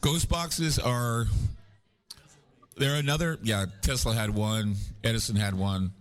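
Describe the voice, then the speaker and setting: This man's mid-range voice stays fairly even in intonation as he takes his time, speaking live as a guest at a paranormal conference. His casual chat drifts through long, rambling tales full of self-deprecating jokes.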